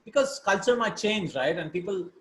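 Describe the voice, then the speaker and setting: A man's voice: sits high, lively intonation, moderate pace, fairly bright tone, reverberant, a little hiss or hum, low-quality recording. A man teaching a grammar lesson, explaining patiently and often checking in with his students by asking "right?". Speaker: Arabic teacher.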